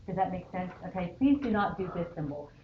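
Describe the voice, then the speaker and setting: A woman math teacher with a low-ish, animated voice lectures her class briskly, often checking in with "okay?". The sound is dull and lo-fi, in an echoey classroom with faint noise.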